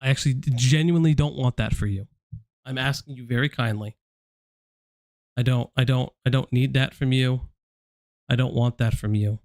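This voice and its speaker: A man's voice: medium pitch, steady tone, moderate pace, long pauses, darkish tone, no room sound. A man hosting a livestream, speaking directly to someone in a confrontational, repetitive way. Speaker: stream host. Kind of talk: livestream commentary.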